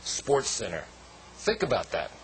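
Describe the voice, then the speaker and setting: A man's voice: mid-range voice, huge pitch swings, measured pace, a bit bright, a little hiss or hum, full character voice, poor audio. A man putting on the voice of a sarcastic comedic man who scoffs at ideas. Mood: scoffing.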